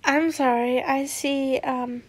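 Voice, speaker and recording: Fanfic reader woman, high pitched, slow and giggly. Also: fairly even intonation. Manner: giggly, chatty, keeps breaking off to comment. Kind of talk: reading fanfiction aloud with chatty asides.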